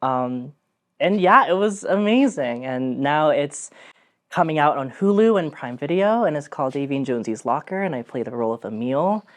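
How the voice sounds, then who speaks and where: A young man, an actor, telling his own story in a casual, animated way, acting out what people said, with many fillers. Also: a little high, normal speed. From Philippines. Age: young adult.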